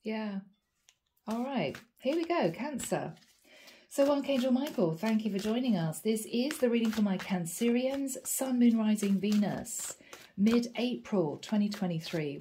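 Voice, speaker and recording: A woman's voice: mid-range voice, expressive, a little slow, mellow, slight background noise. A woman giving a chatty channeled tarot reading, thinking aloud and tentative. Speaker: psychic tarot reader.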